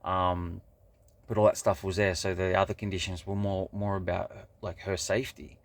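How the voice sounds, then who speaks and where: A man with a low voice talks through his thoughts in an unscripted vlog. His tone is gravelly, with a lot of vocal fry. He swears casually and keeps circling back with "like" and half-finished restarts. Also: little pitch movement, moderate pace. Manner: rambling and profane, many fillers and restarts. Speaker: vlogger. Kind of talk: casual monologue.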